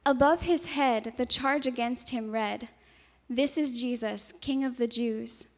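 A woman slowly reading scripture in a measured way, her voice softening on the quoted words. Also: fairly high pitch. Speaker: scripture reader. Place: church. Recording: long hall reverb.

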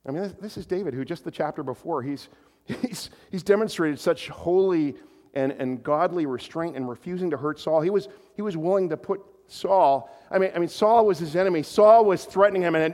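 Conversational preacher in a reverberant hall. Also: male voice, a little high. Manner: conversational, stumbling repetitions, chuckling asides. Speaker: pastor. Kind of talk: sermon.

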